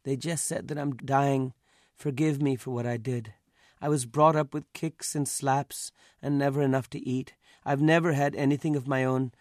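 A man's voice: medium pitch, fairly even intonation, normal speed, a little mellow, no room sound, clean studio sound, lightly acted. A man reading a story aloud, voicing a dying robber who begs weakly for mercy. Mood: pleading. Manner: weak, begging. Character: dying desperate male robber, pleading.

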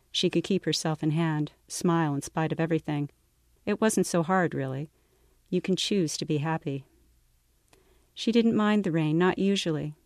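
A woman author reading her novel aloud in a measured, wry manner. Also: sits low, darkish tone, dry recording, studio quality.

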